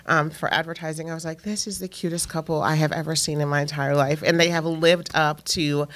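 A woman hosting an interview show, relaxed and prompting her guests with short affirmations. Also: low-pitched, a little fast. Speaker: host. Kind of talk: casual interview.

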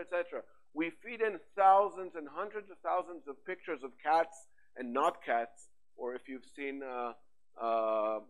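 A man giving a conference talk on AI, lively and rhetorical, with frequent fillers and restarts. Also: fairly high pitch, rough recording. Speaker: conference speaker. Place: conference hall.

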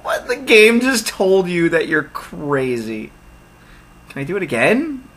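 Excitable male let's player, husky bright voice, swings high and low. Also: unhurried. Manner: excitable, loud outbursts and laughing. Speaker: let's play host. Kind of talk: casual game commentary.

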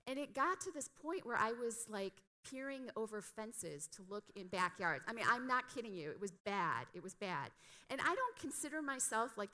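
A woman's voice: mid-range voice, sharp tone. A middle-aged woman preaching a conversational sermon, telling a personal story in a chatty, self-deprecating way full of "like" and "you know". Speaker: guest preacher. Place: church sanctuary.

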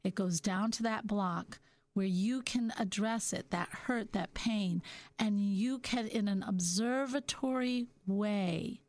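A middle-aged woman hosting a reflective self-help talk, musing gently and slowing down on her key points. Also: medium pitch, no room sound. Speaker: podcast host.

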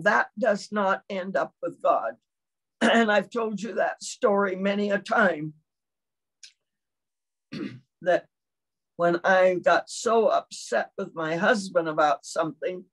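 An older woman delivers a sermon at an unhurried pace. She speaks in measured phrases and keeps checking in with her listeners. She clears her throat now and then. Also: mid-range voice. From China. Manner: measured, often checks in with "all right?". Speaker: preacher.

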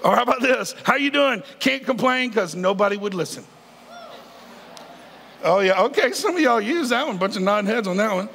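A man's voice: sits high, expressive, normal speed, gravelly, a bit bright, slight background noise. A man, preaching a sermon in a conversational, joking style with frequent calls to the congregation. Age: 50s. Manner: conversational preaching with humor and crowd prompts. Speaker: pastor. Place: large church sanctuary. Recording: long hall reverb.

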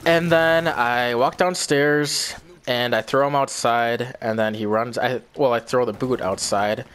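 A man's voice: mid-range voice, steady tone, measured pace, a bit bright, clear, resonant tone. A young man telling a story in a casual, rambling way, swearing often and repeating himself. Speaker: vlogger.

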